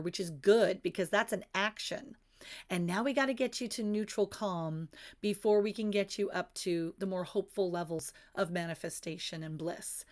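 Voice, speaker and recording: Middle-aged woman, livestream host and coach, mid-pitched, earnest, instructive. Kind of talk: casual live-stream teaching.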